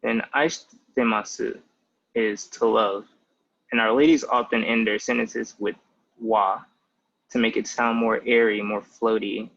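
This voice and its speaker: A man's voice: fairly low pitch, little pitch movement, unhurried, gravelly, a bit bright, muffled recording. A young man in his twenties giving a patient, casual language lesson with many "like" fillers. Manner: patient, explanatory, with frequent "like" fillers. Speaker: language teacher.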